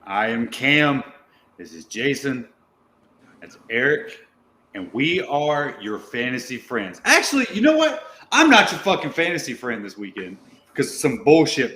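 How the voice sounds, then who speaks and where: A man's voice: mid-range voice, moderate pace. Ranting, swearing podcast host man. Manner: ranting, heavy swearing, animated. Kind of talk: profane casual chat. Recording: roomy echo.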